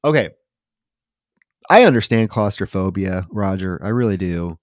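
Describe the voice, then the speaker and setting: A man's voice: low voice, animated, normal speed, no echo, clean studio sound. A man co-hosting a podcast, recapping a film plot with wry mock outrage in casual chat. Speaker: podcast co-host.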